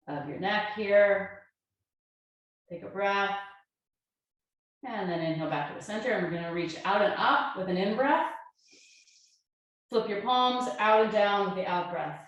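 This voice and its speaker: Calm woman guiding yoga in echo. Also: fairly low pitch. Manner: calm, gentle cueing of breath and poses. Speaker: yoga teacher. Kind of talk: guided yoga class. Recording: very echoey room.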